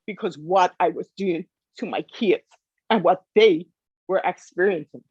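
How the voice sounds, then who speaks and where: A woman's voice: lowish voice, normal speed, darkish tone, husky, dry recording, highs cut off. A woman guest telling her own story with emotion, tearful and pleading, repeating herself for emphasis. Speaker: interview guest.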